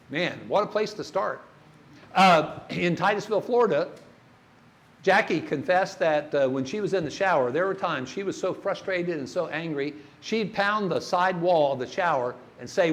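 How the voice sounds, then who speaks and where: An older man preaches a sermon in a church, his voice sitting high, animated and at a moderate pace. He tells stories and puts questions to the congregation.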